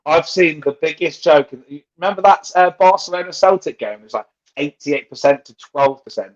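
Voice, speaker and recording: Man, co-host, higher voice, sweary ranter, lo-fi recording. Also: normal speed. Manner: ranting, swears freely, mocking. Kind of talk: casual podcast banter. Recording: dull lo-fi sound.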